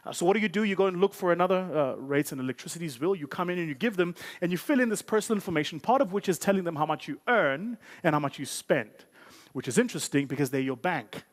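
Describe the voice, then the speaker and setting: Man, 30s, high-pitched, motivational keynote, storytelling, emphatic. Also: expressive, fast talker. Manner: storytelling, punchy and emphatic, jokey asides to the audience. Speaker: keynote speaker. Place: conference stage before a live audience.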